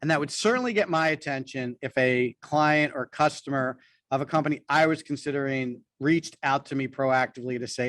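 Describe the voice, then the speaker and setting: A man's voice: medium pitch, moderate pace, a bit bright, dry recording. A man co-hosting a business podcast, explaining things in a conversational way. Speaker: podcast co-host.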